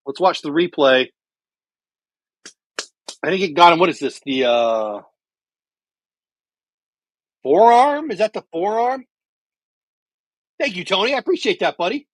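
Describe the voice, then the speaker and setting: A middle-aged man hosts a baseball watch-party livestream from home, chatting loosely and thinking out loud between pitches. His voice sits a little high, and the sound is dry and close to the mic. He gets animated when calling the big plays. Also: moderate pace, long pauses, dry recording. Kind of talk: casual live baseball commentary.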